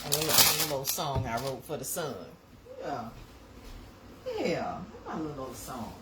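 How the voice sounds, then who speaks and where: A woman's voice: a bass voice, a little slow. A woman with a Georgia Southern accent, chatting casually on a livestream from her kitchen, repeating her phrases and talking to viewers. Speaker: livestream host. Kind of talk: casual live chat while making breakfast. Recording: noisy home livestream audio.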